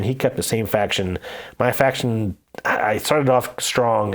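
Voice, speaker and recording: A man hosting a board game podcast, telling stories and giving opinions in a casual, animated way. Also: on the low side. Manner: animated anecdotal storytelling. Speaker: podcast host reviewing board games. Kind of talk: casual chat.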